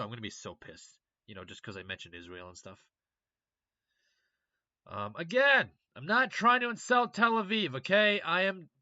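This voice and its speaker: A man's voice: sits high, pushed and bright, no echo, highs cut off. A young man doing a casual, profane political rant for his channel, sarcastic and heated. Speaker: political commentary channel host. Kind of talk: casual ranting commentary.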